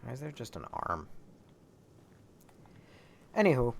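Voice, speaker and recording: Commentating casually on a horror game he's streaming, this young man rambles and curses while he plays. He has a mid-range voice with huge pitch swings and vocal fry, talking a little slowly.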